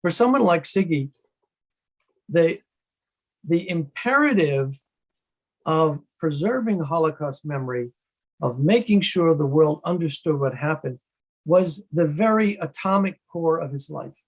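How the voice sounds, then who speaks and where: Man, slightly higher voice, author answering at length on a video call, earnest and deliberate with hesitant restarts. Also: animated, poor audio. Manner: measured, earnest, with frequent uh and restarts. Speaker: author being interviewed. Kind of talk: thoughtful interview answers.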